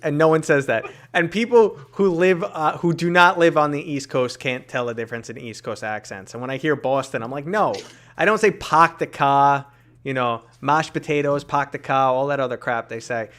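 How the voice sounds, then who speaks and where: A man's voice: fairly high pitch, a little fast, few pauses, fairly bright tone. Joking New York man hosting a podcast. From New York City. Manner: joking, teasing, reads chat comments aloud. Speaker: podcast host and streamer. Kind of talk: casual chat.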